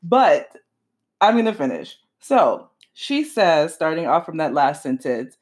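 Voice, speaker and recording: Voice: medium pitch, sing-song. Sarcastic pop culture commentator reading a post aloud, cutting in with laughing asides. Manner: sarcastic, laughs often, breaks in with quick asides.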